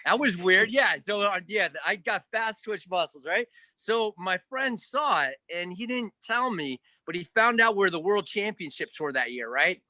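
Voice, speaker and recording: The recording is dry, and this guest actor's voice sits high, moving at a moderate pace with hardly any pauses. Chatting casually in an interview, he rambles through a long story with animation, swearing here and there and performing other people's words.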